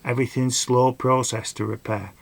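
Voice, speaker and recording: A man's voice: medium pitch, level tone, normal speed, creaky, noisy background. A middle-aged man, telling a rambling personal story and giving earnest advice in a casual vlog. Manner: rambling, earnest, dialect grammar. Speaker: vlogger.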